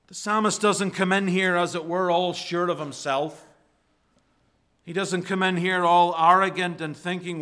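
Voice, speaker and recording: A man preaching a sermon slowly, building to fervent emphasis. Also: high voice, fairly even intonation, a bit bright. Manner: slow, rising to fervent emphasis.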